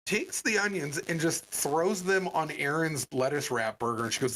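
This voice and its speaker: A man's voice: fairly quick, hardly any pauses. A man co-hosting a podcast, telling a story in casual chat and acting out the people he quotes. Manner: animated, voices quoted people with big pitch jumps. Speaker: podcast co-host.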